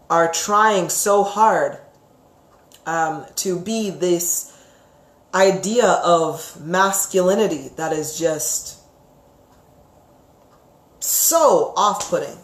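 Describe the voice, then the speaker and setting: A woman teaching about psychic topics on a live stream, chatty and expressive, reading out viewer comments and often asking "right?". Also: fairly low pitch, drawn-out words, long pauses. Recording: roomy echo.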